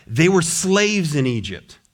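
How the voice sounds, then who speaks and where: A man preaching a sermon in a church, lively and often acting out the voices of a grumbling crowd. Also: fairly high pitch, slow. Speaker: pastor. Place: church sanctuary.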